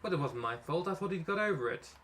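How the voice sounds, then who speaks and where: A man's voice: on the high side, expressive, fast talker, fairly bright tone, slight background noise, pitched above the performer's own voice. A man voicing a long-winded male employee who keeps apologizing while he tells a rambling excuse. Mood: pleading. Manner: long-winded, apologetic, stubbornly keeps telling his story.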